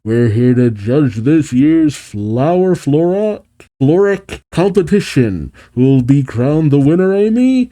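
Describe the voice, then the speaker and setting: Man reading showy male fairground announcer, animated, mellow tone, comic read-aloud. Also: fairly high pitch, slow pace, voice pushed up. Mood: announcing. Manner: reading comic lines aloud in a mostly plain voice.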